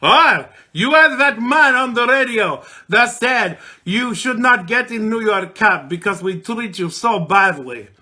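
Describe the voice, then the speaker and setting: A man's voice: high voice, lively intonation, a little slow, few pauses, pushed and bright, voice pushed up, exaggerated voice. A man doing an indignant cab driver. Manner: broken English, indignant. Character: irate male cab driver with broken English.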